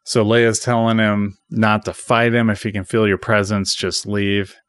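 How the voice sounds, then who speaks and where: Low-voiced man recapping a film. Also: unhurried, clean tone, no echo, clean studio sound. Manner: retells scenes, quoting dialogue flatly. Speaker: podcast host. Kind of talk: casual movie recap.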